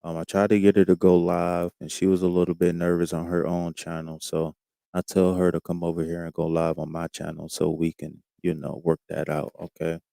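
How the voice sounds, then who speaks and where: A man's voice: low voice, completely flat delivery, brisk, gravelly, warm tone, dry recording. A man hosting a live tarot stream, chatting casually in a laid-back, slangy way and reading out viewers' comments.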